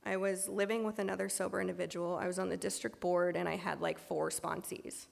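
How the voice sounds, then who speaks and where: A woman's voice: lowish voice, level tone, a little fast, gravelly, big-room sound. A woman giving a candid, self-deprecating personal recovery talk, full of ums and restarts. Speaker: speaker sharing her recovery story at a meeting.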